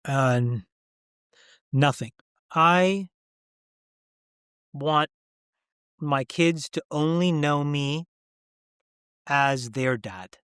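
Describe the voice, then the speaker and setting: A man in his forties answers as an interview guest, speaking on the higher side for a man. He sounds earnest and emphatic, restarting phrases as he goes. The sound is dry and close with no room around it. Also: very slow, long pauses, a bit bright, clear, resonant tone, no room sound. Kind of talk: candid interview conversation.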